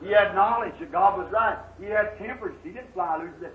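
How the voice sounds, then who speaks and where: A man preaching a sermon in a folksy storytelling manner, acting out the voices in his story with sudden shouted bursts, on a muffled old recording. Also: high voice, fast talker, few pauses, noisy background.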